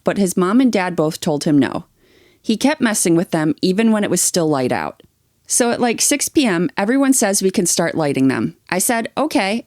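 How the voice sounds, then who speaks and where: A young adult woman with a lowish, darkish voice co-hosts a podcast, reading online posts aloud and then chatting with blunt opinions and swearing. The studio-quality recording has no room sound.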